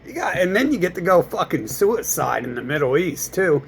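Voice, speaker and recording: A man's voice: on the high side, very animated, normal speed, gravelly, a bit bright, a little hiss or hum, rough recording. A man in a crude, rambling rant, full of fillers and curses. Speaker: vlogger.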